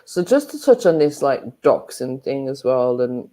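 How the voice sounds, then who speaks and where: A woman speaks in a relaxed, mellow-toned voice, blunt and emphatic as she chats on a live stream. She swears freely and hammers her points home. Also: rumbling low, moderate pace. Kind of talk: casual chat.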